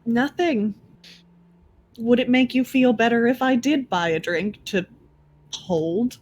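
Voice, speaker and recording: Dry, slow-talking woman player. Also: fairly high pitch, darkish tone. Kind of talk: casual tabletop play.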